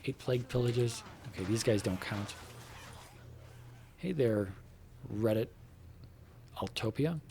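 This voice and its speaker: A man speaks from his home computer room as he plays, voice pitched in an ordinary middle range. His talk wanders, full of fillers and restarts and casual swearing, with quick asides to the game in front of him. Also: expressive, darkish tone, slight background noise. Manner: meandering, filler-heavy, swears casually, breaks off to comment on the game. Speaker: gamer talking to viewers while playing. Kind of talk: casual rambling chat while gaming.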